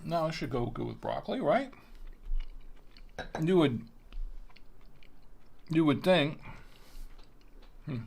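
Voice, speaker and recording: A man's voice: on the high side, lively intonation, slow pace, vocal fry, long pauses, a little mellow, husky. A man hosting a wine tasting livestream, chatting casually and rambling with lots of fillers. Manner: rambling, chatty, self-deprecating with frequent fillers. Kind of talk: casual live-stream chat.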